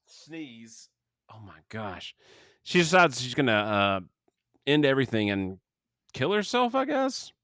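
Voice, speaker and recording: A man's voice: medium pitch, big pitch swings, a little slow, a bit bright, clear, resonant tone, no room sound, clean studio sound. A man co-hosting a podcast, chatting casually about a movie, rambling and restarting his sentences, with the hiccups. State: has the hiccups. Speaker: podcast co-host. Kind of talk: casual movie review chat.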